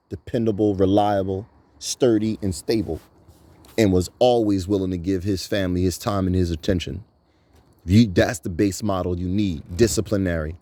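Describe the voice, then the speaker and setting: Man, 30s, low and warm-toned; emphatic, repetitive preaching monologue. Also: fairly even intonation, normal speed, dry recording. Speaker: channel host.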